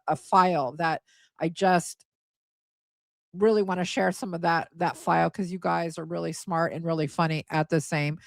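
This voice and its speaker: A woman's voice: fairly low pitch, creaky, no echo. A woman in her forties hosting a casual live stream, chatty and blunt, scornful as she reads viewer comments aloud. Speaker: host.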